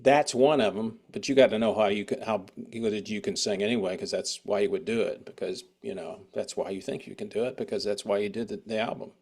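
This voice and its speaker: A man's voice: on the low side, a little fast, few pauses, darkish tone, slightly rough. A man hosting an interview, asking long, rambling conversational questions. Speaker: show host. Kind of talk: casual interview chat.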